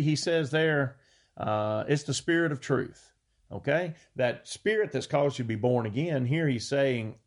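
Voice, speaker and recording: A man preaching a sermon, reading scripture slowly and earnestly and stressing key words. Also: medium pitch. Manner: earnest, drawn-out scripture reading with rising emphasis.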